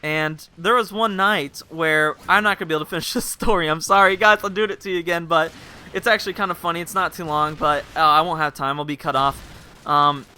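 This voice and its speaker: A man's voice: on the high side, steady tone, a little fast, bright, forceful tone, smooth. A young man telling a rambling, casual story to his viewers and laughing at himself. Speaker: vlogger.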